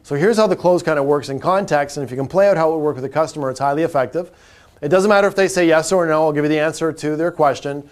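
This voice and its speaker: A man teaching car sales technique, talking directly and acting out quick salesman and customer exchanges. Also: on the high side. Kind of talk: sales training talk with role-play examples.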